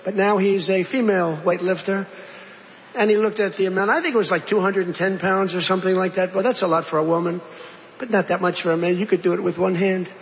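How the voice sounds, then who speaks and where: A man's voice: sits high, fairly even intonation, fast talker, slight background noise. Rambling man giving a political speech. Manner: rambling, repetitive, digressive. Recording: dull recording with long hall reverb.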